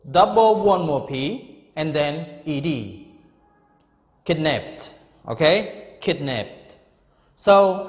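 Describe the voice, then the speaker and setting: A middle-aged man teaching an English grammar lesson, explaining slowly and repeating himself with frequent checks of "okay?". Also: a little high. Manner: slow, repetitive, drawn-out explanations with frequent "okay?". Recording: echoey room with long reverb.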